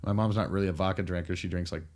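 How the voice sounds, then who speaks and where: Lower-voiced man telling an animated story. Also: racing. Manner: animated, acts out quotes with restarts. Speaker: podcast guest. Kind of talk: casual storytelling chat.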